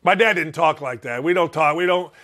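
A man with a Chicago accent hosts a sports talk show, and his voice sits high for a man. He talks bluntly and brashly, and he is quick to poke fun at himself. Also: bright, forceful tone. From Northwest Indiana. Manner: blunt, brash, self-mocking. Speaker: sports radio host.

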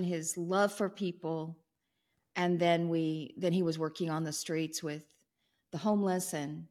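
A woman in her sixties from North Carolina, a guest in an interview, self-deprecating and laughing as she talks. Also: fairly low pitch. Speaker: guest, pastor's wife. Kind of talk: casual interview talk.

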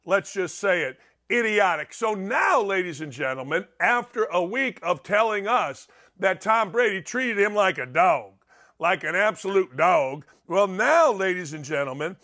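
Here is a middle-aged male talk-show host with a notably high voice. He rants through an opinionated monologue, sarcastic and mocking, as he hammers his points home. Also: expressive, unhurried, sharp tone. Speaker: sports radio host.

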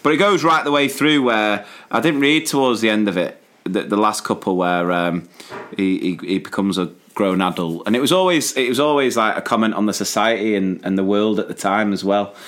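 A man's voice: fairly low pitch, brisk, a bit bright. A man co-hosting a podcast, talking casually in a rambling, easygoing way. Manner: rambling, with fillers and restarts. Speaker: podcast co-host. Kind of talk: casual chat.

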